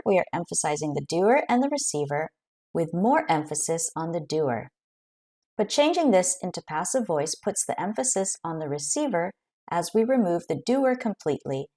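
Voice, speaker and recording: A woman teaching an English grammar lesson, explaining clearly and carefully with example sentences. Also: on the low side, a little mellow.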